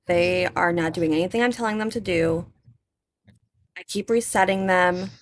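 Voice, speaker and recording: A woman's voice: fairly low pitch, moderate pace. A woman hosting a gaming channel, giving chatty, giggly gameplay commentary. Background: faint neighbors outdoors.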